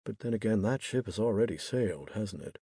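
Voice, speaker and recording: Young male audiobook narrator, low and husky, dry close sound, wry delivery. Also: animated, brisk, mellow, dry recording. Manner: wry and bitter. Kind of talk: first-person audiobook narration.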